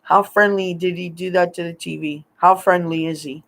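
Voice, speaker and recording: A man's voice: high-pitched, steady tone, normal speed, vocal fry, a bit bright. A man, rambling through a personal story and laughing often between remarks. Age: 50s. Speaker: vlogger.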